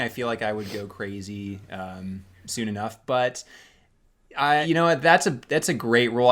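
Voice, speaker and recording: Rambling young male co-host, low voice. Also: a bit bright. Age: young adult. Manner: enthusiastic, rambling with restarts. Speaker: podcast co-host. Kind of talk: casual chat.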